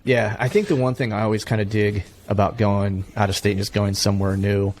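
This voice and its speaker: A man's voice: little pitch movement, fairly quick. Casual Pennsylvania man, rambling podcast talk. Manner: rambling, many fillers, acts out locals in higher voices. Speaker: podcast host. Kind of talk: casual conversation.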